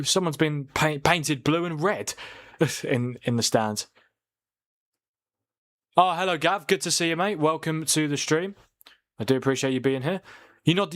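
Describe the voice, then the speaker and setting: A young man hosting a casual football watchalong stream, chatting with viewers and reading their comments. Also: a little high. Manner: chatty, reads viewer comments aloud, laughs often.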